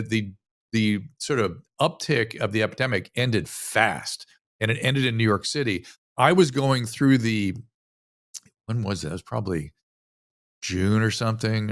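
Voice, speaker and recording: A man's voice: lowish voice, moderate pace, no echo. Man talking animatedly, dry close sound. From United States. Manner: animated storytelling with frequent restarts. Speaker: physician, interview guest. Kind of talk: casual interview conversation.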